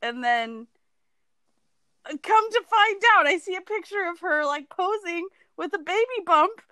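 Woman, high voice, slow and drawn-out, giggly, gushing, dry close sound. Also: expressive, bright, forceful tone, no room sound. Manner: giggly, gushing, often laughing. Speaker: podcast co-host. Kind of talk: casual chat.

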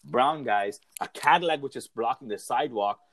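A man's voice: medium pitch, moderate pace, slight background noise, low-quality recording. A man in casual chat, animatedly telling a story and acting out what others said, laughing along the way.

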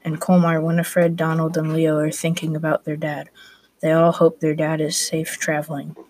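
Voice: mid-range voice, monotone, moderate pace, a little mellow, dry recording. A student narrating a class story aloud, reading plainly with small restarts.

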